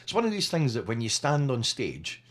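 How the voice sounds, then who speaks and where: A man's voice: mid-range voice, huge pitch swings, moderate pace, fairly bright tone. A man hosting a radio interview in a chatty, upbeat presenter voice. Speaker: radio host.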